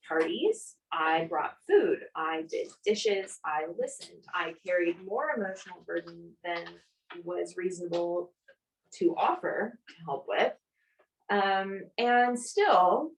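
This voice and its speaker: A woman sharing a personal testimony in a church group, speaking haltingly with pauses and fillers. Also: lowish voice. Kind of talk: personal testimony in casual chat. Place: live church gathering in a room. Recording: distant mic with faint noise.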